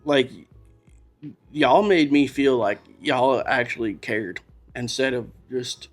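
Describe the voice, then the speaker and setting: A man's voice: medium pitch, slow pace, soft background music. A man, possibly, telling a personal story in a candid, emotional way, rambling and restarting as he talks. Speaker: podcast guest. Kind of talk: casual storytelling.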